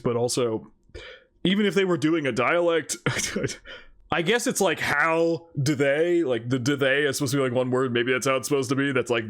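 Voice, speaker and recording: A man hosting an anime reaction video, chatting casually in an excitable, rambling way and laughing often. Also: medium pitch.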